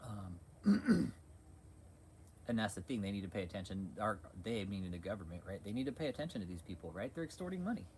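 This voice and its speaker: A man's voice: on the low side, big pitch swings, a little fast, a little mellow, slight background noise, poor audio. A man hosting a livestream, ranting in a crude, heated, sarcastic way. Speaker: livestream host. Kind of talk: profane livestream rant.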